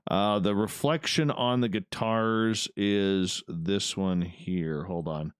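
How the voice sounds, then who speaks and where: Smooth-voiced man chatting casually. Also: lowish voice, takes it slowly, dry recording, studio quality. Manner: loose, rambling, talks to himself while working. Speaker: online radio show host. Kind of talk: casual chat reading live viewer comments.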